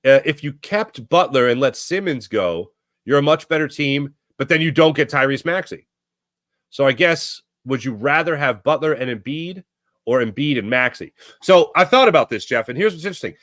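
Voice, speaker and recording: Bright-voiced Philly sports host. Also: male voice, mid-range voice, lively intonation, moderate pace, dry recording, studio quality. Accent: Philadelphia. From Philadelphia area, USA. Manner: rambling, self-correcting storyteller. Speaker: sports talk show host. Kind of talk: casual chat, answering live chat.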